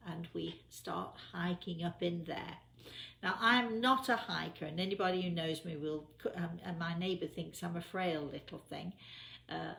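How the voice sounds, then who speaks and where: A woman's voice: fairly low pitch, vocal fry, echoey room. A woman telling a personal story in a casual, rambling way, with many fillers and restarts.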